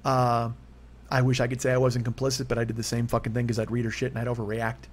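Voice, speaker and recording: A man's voice: medium pitch, completely flat delivery, quick pace, a little hiss or hum. A man in his forties telling a personal story on his own, rambling and candid, his voice jumping up when he gets worked up. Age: 40s. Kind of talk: confessional solo monologue.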